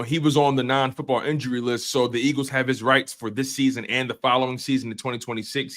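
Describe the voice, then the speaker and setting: A man's voice: mid-range voice, fairly bright tone. A man hosting a live sports stream, breaking down team news and ranting heatedly at rival fans. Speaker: sports show host.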